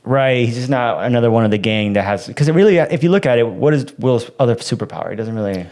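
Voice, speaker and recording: A man's voice: medium pitch, expressive, quick pace, darkish tone. A man co-hosting a casual show breakdown, with a plain, mid-range voice. He agrees easily with his partner. He leads the talk from one topic to the next. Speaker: co-host of a show recap. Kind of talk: casual reaction chat.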